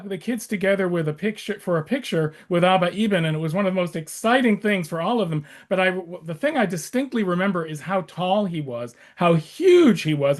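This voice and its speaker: A man in his sixties, a rabbi, teaching an adult class over a video call in a chatty way, with many fillers, restarts and wry asides. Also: sits high.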